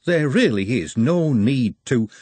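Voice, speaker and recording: A man's voice: mid-range voice, expressive, slow, a little mellow, breathy edge, no echo. A man voicing a lofty, weary male academic necromancer who speaks haughtily.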